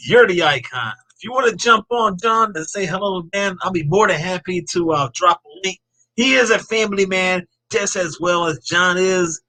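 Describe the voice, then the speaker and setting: A man's voice: sits high, pushed and bright, rough recording. A man hosting a casual live-stream podcast chat, upbeat and reading out viewer comments. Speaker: podcast host.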